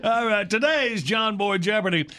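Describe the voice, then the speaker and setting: A man's voice: high voice, moderate pace, heavy background noise. A man hosting a morning radio show, bantering casually and running a quiz segment. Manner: animated, jokey, runs the quiz segment.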